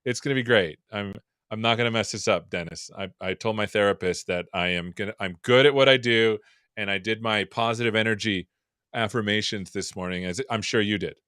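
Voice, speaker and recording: A man's voice: lowish voice, fairly quick, sharp tone, smooth, studio quality. A man hosting a live tech stream, chatting and joking about himself, his voice run through a vocal processor. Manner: joking, self-deprecating, chatty. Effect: vocal processor echo. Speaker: host. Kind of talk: casual livestream banter.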